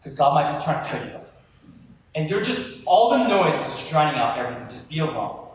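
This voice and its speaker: A male pastor preaching a sermon to a live audience, animated and chatty, talking straight to the crowd. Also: fairly high pitch, quick pace, slight background noise. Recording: echoey hall from far off.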